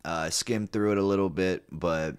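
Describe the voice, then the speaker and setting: A man with a deep, low-pitched voice reads an online story aloud as host. He keeps stopping to add playful, sarcastic remarks. His delivery is loose and casual, full of ums and uhs. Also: fairly even intonation, moderate pace, smooth. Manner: playful, sarcastic, many fillers. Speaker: host reading and reacting to online stories. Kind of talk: casual read-aloud with joking asides.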